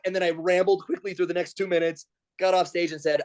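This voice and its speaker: Here a pro wrestler and comedian in his forties, joining by video call, speaks briskly at a fairly high pitch. He's an animated storyteller who acts out others' words by raising his voice.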